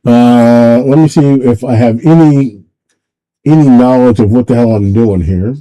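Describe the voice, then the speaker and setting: A man hosting a casual solo livestream from home, rambling and halting, talking in a sentimental way. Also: medium pitch, mellow, low-quality recording. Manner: rambling, halting, many restarts; emotional, sentimental. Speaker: livestream host.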